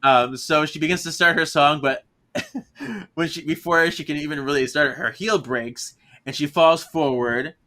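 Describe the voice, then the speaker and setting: A man with a bright, forward voice recaps a story on a casual podcast. He laughs easily and often, tripping over words as he hurries through the plot. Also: a little high, fairly even intonation, moderate pace. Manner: giggly, laughs often while retelling the plot. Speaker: podcast co-host.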